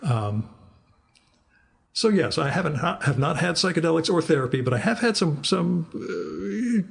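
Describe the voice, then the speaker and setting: A man's voice: fairly high pitch, lively intonation, measured pace, vocal fry, slightly rough. A man in his fifties hosting a podcast, telling rambling, wry anecdotes in a casual interview. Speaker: podcast host.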